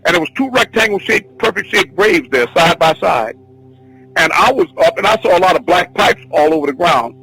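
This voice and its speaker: A man teaching a spiritual class, telling a long personal story in an excited, rambling, repetitive way. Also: sits high, brisk, slightly rough, faint music behind, poor audio. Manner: excitable, repetitive, restarts often. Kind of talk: rambling spoken testimony.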